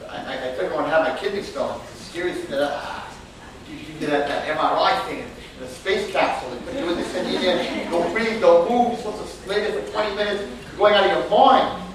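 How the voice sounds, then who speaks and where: A man's voice: high voice, brisk. A man telling a story as a religious lesson, acting out the characters' voices and laughing as he talks. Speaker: religious teacher. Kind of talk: storytelling sermon. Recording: echoey room, distant mic, noisy.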